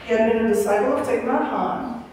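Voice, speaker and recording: Older woman, guest speaker, rambling spiritual Sunday talk, distant mic, booming hall echo. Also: fairly quick, darkish tone, slight background noise. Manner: chatty, rambling, acts out quoted voices. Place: large hall of a spiritual center. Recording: echoey hall recorded from afar.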